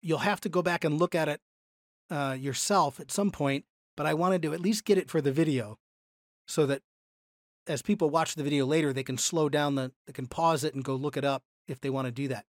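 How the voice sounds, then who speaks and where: A man teaching a Bible lesson, explaining verses slowly and deliberately and lifting his voice for emphasis. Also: fairly high pitch, dry recording, clean studio sound. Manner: explanatory, slow and deliberate, voice lifts when emphasizing.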